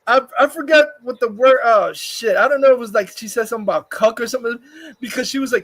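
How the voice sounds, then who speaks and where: A man's voice: very high-pitched, sing-song, a little fast, a bit bright. A man hosting a casual livestream chat, profane and rambling, laughing often. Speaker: livestream host.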